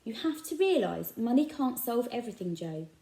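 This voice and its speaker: A woman voicing a kindly, eccentric adult male shopkeeper with a gentle, earnest manner. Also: a little high, very animated, moderate pace, gravelly, voice pushed up. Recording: echoey room.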